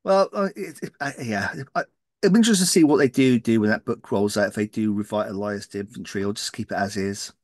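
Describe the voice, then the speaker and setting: A man's voice: fairly low pitch, quick pace, a little mellow, no room sound. Dry-sounding middle-aged male podcaster. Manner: chatty, joking, trails off and restarts. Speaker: podcast co-host. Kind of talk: casual chat.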